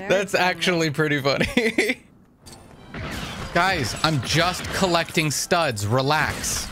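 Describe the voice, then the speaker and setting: Young male host for joking gameplay commentary; animated, fairly high, with game music under. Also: takes it slowly, long pauses. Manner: excitable, jokey, swears often. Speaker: gaming channel host. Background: game music and sounds.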